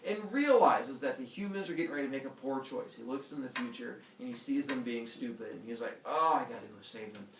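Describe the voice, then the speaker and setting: A man teaching a class, retelling a myth with lively acted-out character voices. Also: mid-range voice, fairly quick, few pauses, background noise. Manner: animated, acts out characters with silly voices. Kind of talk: storytelling lesson to students. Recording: echoey room from far off.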